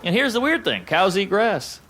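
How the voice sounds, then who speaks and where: Stand-up comic, American man in his thirties, punchy wisecracks with a lively, bouncing pitch, noisy live recording. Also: normal speed, crowd noise. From United States. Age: 30s. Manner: punchy, wisecracking joke delivery. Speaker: stand-up comedian. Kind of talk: stand-up comedy set.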